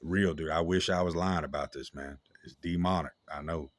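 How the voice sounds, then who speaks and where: A man telling a story in a casual, slangy way, with halting restarts and lots of fillers. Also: deep voice, fairly even intonation, no room sound.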